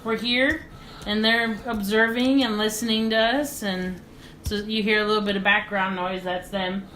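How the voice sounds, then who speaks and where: A woman co-hosting a casual movie podcast, chatty with quick interjections, recorded at someone's home. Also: mid-range voice, little pitch movement, fairly bright tone, reverberant, a little hiss or hum. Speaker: podcast co-host. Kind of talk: casual movie review chat. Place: guests' home, remote location.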